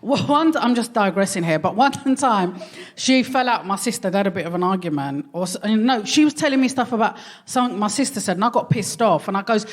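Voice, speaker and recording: A woman's voice: medium pitch, expressive, fast talker, few pauses. A woman with a London accent doing stand-up on a theatre stage, cheeky, slangy and self-mocking. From Hackney, London. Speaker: stand-up comedian and co-host. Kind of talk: stand-up comedy. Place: London theatre stage before a live audience.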